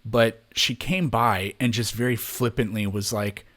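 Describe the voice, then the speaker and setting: A man's voice: on the low side, steady tone, unhurried, fairly bright tone. A man on a podcast telling a long story in casual chat, rambling and swearing freely, jumping into raised voices to act out other people. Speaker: podcast co-host.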